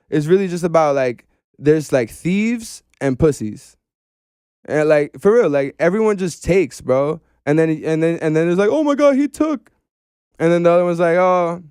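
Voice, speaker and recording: A man talking casually as a podcast guest, animated and slangy, saying "bro" often. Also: sits high, clean tone, dry recording, clean studio sound.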